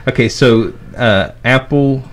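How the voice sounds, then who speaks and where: A man's voice: medium pitch, slow pace. Plain-spoken man explaining tech. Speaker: podcast co-host. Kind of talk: casual explaining.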